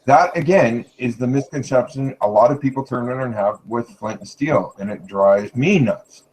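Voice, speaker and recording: A man's voice: mid-range voice, moderate pace, darkish tone, slight background noise, rough recording. A man in casual live chat who explains things patiently and keeps repeating a stock phrase.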